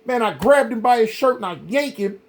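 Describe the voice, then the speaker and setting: A middle-aged man hosting a vlog, telling a story in a casual, rambling, animated way, full of "man" and "y'all". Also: extremely high pitch, brisk. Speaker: vlog host.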